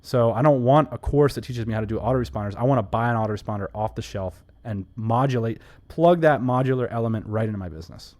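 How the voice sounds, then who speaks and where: A man's voice: mid-range voice, darkish tone. Enthusiastic man co-hosting a business podcast. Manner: enthusiastic, emphatic, quick asides. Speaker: podcast co-host. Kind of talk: casual business podcast chat.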